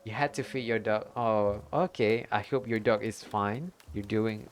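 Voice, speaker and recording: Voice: mid-range voice, steady tone, a little slow, soft background music. A streamer giving casual let's-play commentary, chatty, laughing often and answering chat.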